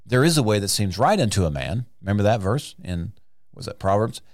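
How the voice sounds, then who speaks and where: A man's voice: fairly low pitch, expressive, brisk, a little mellow, no echo. A man teaching the Bible on a podcast, sermon-style, emphatic, asking rhetorical questions and stretching out key words, recorded in a studio.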